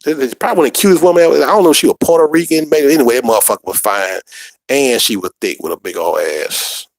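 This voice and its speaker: A man tells profane, animated stories in casual talk. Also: medium pitch, fast talker, gravelly, dry recording. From Alabama. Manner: profane, animated, repetitive restarts. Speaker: podcast storyteller.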